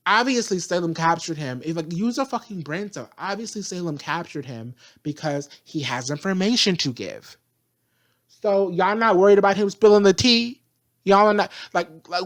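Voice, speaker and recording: A show reviewer ranting casually and profanely, piling up repeated rhetorical questions. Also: mid-range voice.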